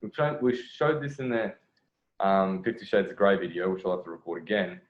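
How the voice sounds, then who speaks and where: A man's voice: low voice, animated, fairly quick. A man giving casual, blunt commentary on a video as a dating coach, swearing freely and restarting his phrases. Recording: echoey room, lo-fi sound.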